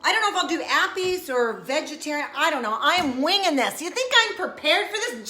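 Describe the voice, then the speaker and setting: A high-pitched woman chats on a live stream in a playful, rambling way and calls out to viewers by name. Her voice is bright and forceful, and it rings around an echoey kitchen. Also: very animated, fairly quick, few pauses. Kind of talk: casual live-stream chat. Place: home kitchen.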